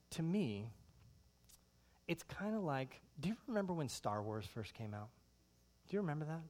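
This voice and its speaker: Here the middle-aged pastor's voice runs on the high side as he preaches at a normal pace. His sermon is lively and conversational, full of rhetorical questions.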